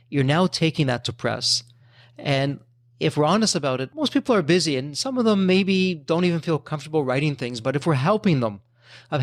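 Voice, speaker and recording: Brief: male podcast host, a touch higher voice, dry close sound, sums up for the audience. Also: expressive, normal speed, dry recording. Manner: recaps the guest's points, addresses listeners directly. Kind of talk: casual interview chat.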